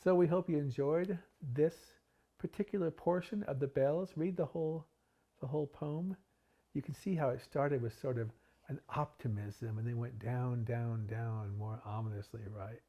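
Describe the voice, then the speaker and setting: Male host for a poetry reading, mid-pitched, dramatic delivery that swells on the refrains. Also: normal speed. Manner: builds volume and pitch on repeated refrains, drops low and soft for asides. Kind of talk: dramatic poetry reading with chatty intro and outro.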